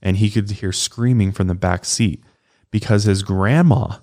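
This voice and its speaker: Low-voiced man casually retelling a case. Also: a little slow, darkish tone. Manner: casual, conversational retelling with acted quotes. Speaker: podcast co-host. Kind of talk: casual true crime storytelling.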